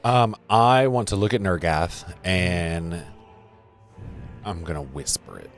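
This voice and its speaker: A man's voice: low voice, takes it slowly, faint music behind. A man playing in a tabletop game, talking hesitantly with ums and apologies. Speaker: player. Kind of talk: casual tabletop play.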